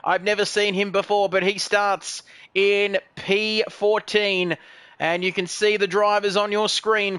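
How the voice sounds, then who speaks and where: A man's voice: high voice, bright, forceful tone, smooth, no echo. A man commentating an online sim race, jokey and rambling, poking fun at himself. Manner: jokey, rambling, self-mocking. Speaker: lead commentator.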